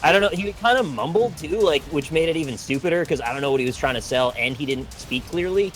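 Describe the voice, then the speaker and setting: A man's voice: on the high side, lively intonation, quick pace, faint music behind. Man telling a rambling anecdote. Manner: rambling, self-deprecating storytelling. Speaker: guest. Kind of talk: casual chat.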